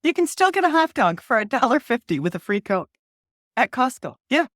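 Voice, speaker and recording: A woman, a guest author chatting in an interview, excitable and quick to laugh. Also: on the high side, no room sound, clean studio sound. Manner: bubbly, laughs often, excitable. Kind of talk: casual interview chat.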